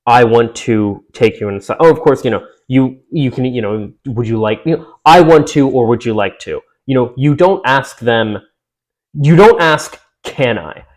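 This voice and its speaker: A man's voice: medium pitch, animated, normal speed, darkish tone, low-quality recording. A young man reacting to an article he reads aloud, sarcastic and exasperated, swearing often. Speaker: commentator.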